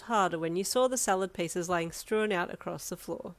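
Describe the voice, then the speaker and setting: A woman's voice: fairly low pitch, a little fast, few pauses, dry recording. Woman casually narrating a story. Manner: casual storytelling in the second person. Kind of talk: second-person fan fiction audio reading.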